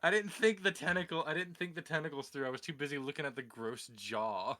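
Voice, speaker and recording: A man in casual chat, telling a tabletop game story in an animated way, laughing along. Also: fairly high pitch, quick pace. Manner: animated storyteller, acts out quotes, laughs a lot.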